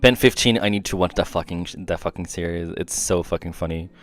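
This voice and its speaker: A man's voice: low-pitched, fairly quick, fairly bright tone. A man chatting casually and profanely on a game livestream, often breaking into laughter. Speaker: game streamer.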